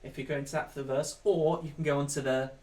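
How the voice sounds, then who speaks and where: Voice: mid-range voice, fairly even intonation, fast, darkish tone, slight background noise. A choir leader, casually talking singers through their parts one step at a time in a home video session. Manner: friendly, chatty, explains step by step. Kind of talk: casual singing tutorial. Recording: roomy sound with music behind.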